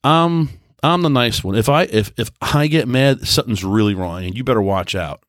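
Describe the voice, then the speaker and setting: Man, podcast host, casual rambling monologue, mellow and easygoing, self-correcting, mid-pitched voice, dry room. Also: moderate pace, dry recording. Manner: rambling, chatty storytelling with frequent restarts.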